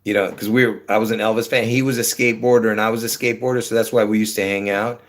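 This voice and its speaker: A man's voice: fairly low pitch, flat delivery, fast talker. A man rambling casually to his viewers on a livestream from his apartment, trailing off with many fillers. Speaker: livestream host.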